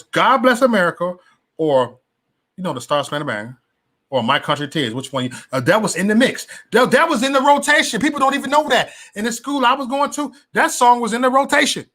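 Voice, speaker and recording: A man talking casually about politics and faith, animated and preachy, with many restarts and slangy asides. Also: a little high. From West Side of Chicago. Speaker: political commentator. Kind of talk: casual opinion vlog.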